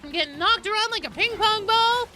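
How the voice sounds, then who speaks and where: A woman in her thirties streaming a game live, chatting with her viewers in a lively, joking way with loud outbursts. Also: very high-pitched, a little fast, soft background music. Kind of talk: live-stream chat while gaming. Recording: game sounds and noise behind voice.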